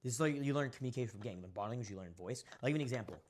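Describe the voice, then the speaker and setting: A man's voice: mid-range voice, expressive, racing, a little mellow. A young man talking as a guest on a podcast, boastful, brash and profane. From Indian descent. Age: young adult. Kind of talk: casual podcast talk.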